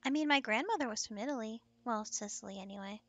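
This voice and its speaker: A woman's voice: a little high, quick pace, creaky, no echo, highs cut off. A woman from the United States hosting a casual gaming stream, giggling often and teasing playfully. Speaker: streamer host.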